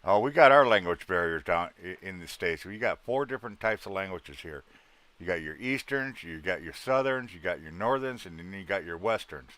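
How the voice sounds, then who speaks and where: Man, from wisconsin, casual livestream chat, rambling folksy talker, lowish voice. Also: animated, moderate pace, fairly bright tone, dry recording. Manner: rambling, folksy, salty talk. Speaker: livestream host chatting with viewers.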